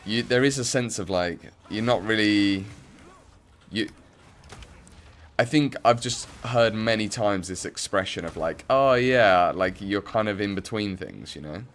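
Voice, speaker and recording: Low-voiced English man, rambling stream chat. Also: unhurried, a bit bright. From English Midlands. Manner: rambling, many fillers and restarts. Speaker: game streamer. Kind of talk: casual chat while playing.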